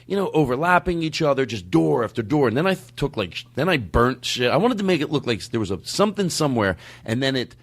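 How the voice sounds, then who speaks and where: Lively man hosting a comedy podcast. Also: fast talker, hardly any pauses. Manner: animated storyteller, jumps into silly high voices. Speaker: podcast host. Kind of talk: casual comedic chat.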